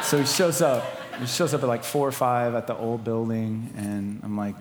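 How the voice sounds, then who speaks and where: A man preaching a sermon and telling a personal story, animated and laughing, swinging between loud preaching and quiet storytelling. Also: medium pitch, measured pace. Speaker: pastor. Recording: live hall with long reverb and faint ambience.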